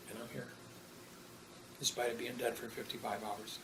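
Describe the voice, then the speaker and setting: A man's voice: mid-range voice, level tone, normal speed, noisy background. A man speaking in casual conversation who tells stories in a matter-of-fact way. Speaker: interviewee.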